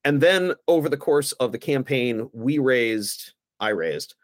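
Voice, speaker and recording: A man, a guest on a podcast, telling stories in a casual, animated way and acting out the other people's lines. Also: mid-range voice, a little slow, no room sound, clean studio sound. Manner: animated anecdotes, acts out the other voices. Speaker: guest, former aldermanic candidate. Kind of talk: casual storytelling.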